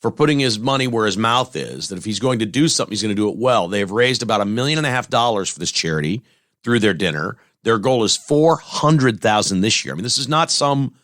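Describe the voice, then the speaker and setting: A man's voice: lowish voice, expressive, quick pace, fairly bright tone, no room sound, clean studio sound. A man hosting a talk show, delivering a blunt, conversational monologue and repeating his points for emphasis. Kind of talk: opinionated talk radio monologue.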